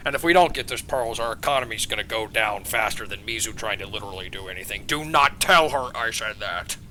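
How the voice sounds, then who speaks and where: A man voicing a calm, firm king and father who talks in a measured, reassuring way. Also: fairly low pitch, slight background noise, rough recording.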